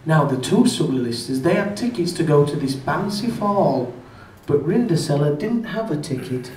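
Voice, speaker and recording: A male comedian with a slightly high voice telling a rude fairy tale packed with spoonerisms. His delivery is deadpan and matter-of-fact. The sound is roomy and distant, as if caught by a camera across a pub. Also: normal speed, a little hiss or hum. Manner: deadpan comic narration with self-corrections. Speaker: stand-up comedian. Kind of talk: bawdy spoonerism storytelling. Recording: echoey pub from far off.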